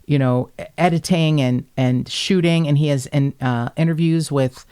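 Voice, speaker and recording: A woman hosting a podcast, telling stories in a casual, animated way, blunt and quick to swear. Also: low-pitched, clear, resonant tone. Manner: animated, blunt storyteller who swears freely. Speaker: podcast host. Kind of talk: casual chat.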